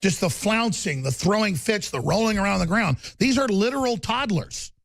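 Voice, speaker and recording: A man's voice: sits high, expressive, moderate pace, gravelly, a bit bright, dry recording. A man hosting a podcast livestream, ranting sarcastically and mocking people in put-on voices. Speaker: podcast host.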